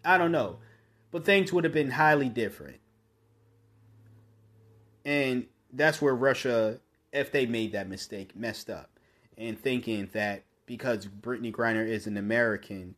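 A man hosting his own podcast, speaking in a blunt, opinionated monologue that often restarts mid-sentence and rises into forceful bursts. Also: fairly low pitch. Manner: conversational with frequent restarts. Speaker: podcast host.

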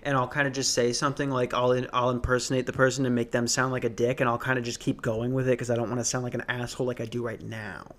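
A man's voice: medium pitch, flat delivery, fast, hardly any pauses, fairly bright tone. A young man hosting a solo podcast from his small apartment, rambling and joking as he acts out other people's voices. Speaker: podcast host. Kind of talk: casual solo podcast monologue. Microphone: podcast microphone.

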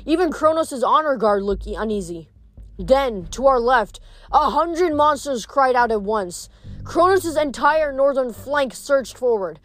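A woman's voice: high voice, animated, a little slow. A woman reading a novel aloud in a casual manner, stumbling and restarting words now and then. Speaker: reader.

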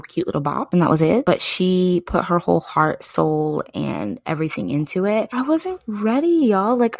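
Young woman podcast host, super excitable and gushy, low voice, dry close sound. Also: vocal fry, no room sound. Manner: effusive, excitable, chatty. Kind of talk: casual podcast chat.

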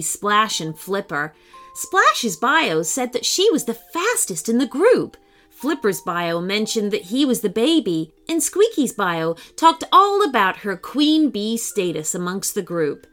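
Expressive woman reading a children's story. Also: a little high. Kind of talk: scripted story narration for children.

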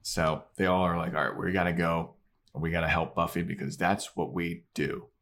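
A man's voice: low-pitched, steady tone, normal speed, fairly bright tone. A young man co-hosting a podcast, casually retelling an episode scene by scene, acting out quotes with swearing. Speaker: podcast co-host. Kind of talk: casual chat recapping an episode.

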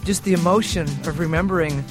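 A man's voice: sits high, fast talker, music in the background. A middle-aged man, a musician guest, talking thoughtfully and earnestly in an interview and laughing easily. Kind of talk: reflective interview talk.

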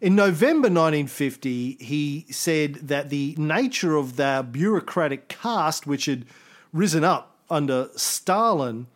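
A man hosting a casual history podcast, explaining events thoughtfully with pauses and restarts. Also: a little high, expressive. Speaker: podcast host.

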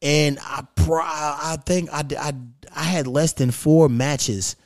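A man's voice: a little high, steady tone, slow pace, dry recording, studio quality. A man hosting a podcast, talking casually and venting in a blunt, profane, frustrated way into a stand microphone. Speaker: podcast host.

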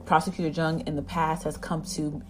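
A woman giving a casual, animated episode recap. She rambles with many fillers and keeps acting out the characters' lines. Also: deep voice, fairly quick. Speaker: drama recap vlogger.

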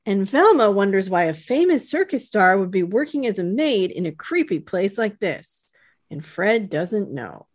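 A woman co-hosting a podcast, retelling a cartoon episode in an animated storytelling way and laughing easily. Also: mid-range voice, normal speed. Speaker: podcast co-host. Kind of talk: casual chat recapping a cartoon.

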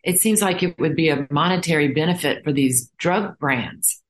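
Low-voiced woman podcast host. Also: moderate pace. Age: middle-aged. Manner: affirming, with frequent backchannels. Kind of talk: casual podcast chat.

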